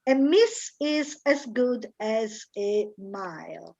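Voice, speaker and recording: Slow, hesitant woman teacher. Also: fairly high pitch, animated, vocal fry, a little mellow, muffled recording. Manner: hesitant, many fillers, searching aloud. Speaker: English teacher. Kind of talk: online class, quizzing students on proverbs.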